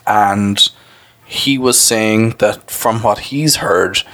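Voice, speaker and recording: A man's voice: fairly low pitch, extremely slow, fairly bright tone. Chatty, digressive male co-host. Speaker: podcast co-host. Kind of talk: casual chat.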